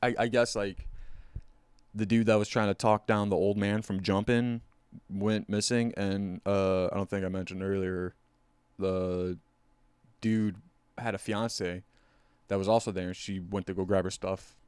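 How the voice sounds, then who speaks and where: Low smooth-voiced dude rambling, swearing a lot, dry close mic. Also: male voice, level tone, measured pace, a little mellow, no room sound. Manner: rambling, swears freely, acts out quoted voices. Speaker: podcast co-host. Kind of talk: casual chat.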